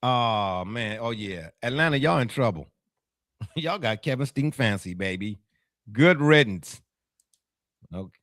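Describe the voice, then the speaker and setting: A man hosting a casual sports talk show, animated and teasing, laughing often. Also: on the low side, normal speed, dry recording, studio quality.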